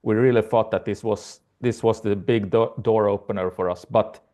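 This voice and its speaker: A man, a band's guitarist and lead singer, answering interview questions in English with many pauses. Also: on the low side, steady tone, dark tone. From Sweden.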